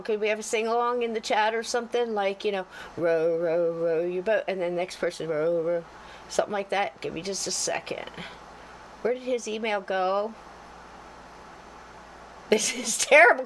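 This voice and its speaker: A woman's voice: a little high, creaky, a little hiss or hum, poor audio. A woman co-hosting a podcast livestream, chatting casually with viewers and talking to herself as she fumbles with the tech. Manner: folksy and jokey, greets viewers warmly by name. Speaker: podcast co-host.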